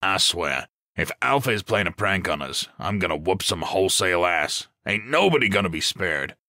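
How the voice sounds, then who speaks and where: A gruff, sardonic older SWAT veteran in a gritty audiobook, barking wry commands in a deep voice as a male narrator plays him. The read is close and dry. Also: very animated, normal speed, pushed and bright, no echo, full character voice.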